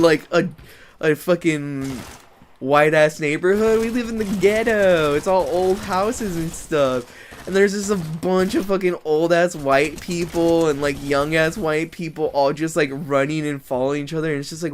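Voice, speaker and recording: An American vlogger rants casually, rambling and swearing a lot while leaning heavily on "like" as a filler. His voice is a little high and unhurried, with a bit of hiss or hum in the audio.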